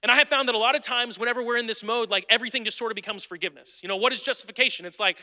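A man's voice: very high-pitched, racing, sharp tone, big-room sound. A male pastor preaching a sermon in a church, in an earnest, conversational way that repeats phrases for emphasis. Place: church sanctuary.

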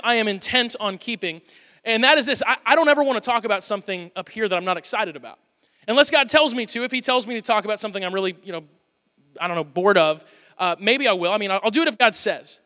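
Animated high-voiced pastor preaching in a hall. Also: male voice. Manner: animated, conversational, playful asides. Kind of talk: sermon. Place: church auditorium. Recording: hall reverb.

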